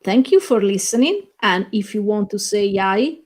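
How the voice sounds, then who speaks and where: A woman co-hosting a podcast, giving measured, reflective opinions in a casual film chat. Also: medium pitch, animated, a little mellow. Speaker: podcast co-host.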